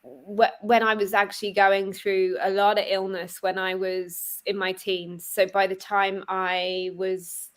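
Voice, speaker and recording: A woman's voice: mid-range voice, flat delivery, a little slow, hardly any pauses. Affirming woman guest on a video call. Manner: warm, affirming, with frequent murmured agreement. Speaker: guest, angel therapist. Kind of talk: casual chat.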